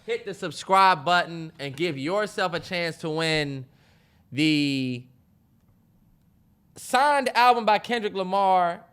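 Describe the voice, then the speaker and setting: This podcast co-host has a high-sitting, smooth voice and takes his time. In casual chat he tells stories in an animated, joking way, dropping into put-on voices.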